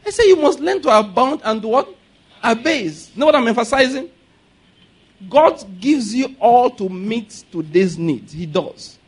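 A pastor with a notably high voice delivers a lively sermon. He mixes humorous asides with laughter and leads his listeners in repeated declarations. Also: unhurried, breathy edge. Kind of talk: sermon with call-and-response.

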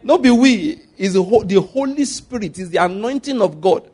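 Nigerian pastor guy preaching, kinda high voice, husky, gets animated and laughs a lot. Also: moderate pace. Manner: animated, laughing at his own stories. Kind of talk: sermon.

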